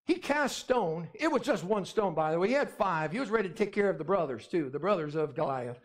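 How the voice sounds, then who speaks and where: A man with a high, ringing voice preaches with insistent, repetitive emphasis. He drives points home by repeating phrases and punctuating them with amen. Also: lively intonation, fast talker. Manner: emphatic, repetitive, calls for amens. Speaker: pastor. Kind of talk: sermon.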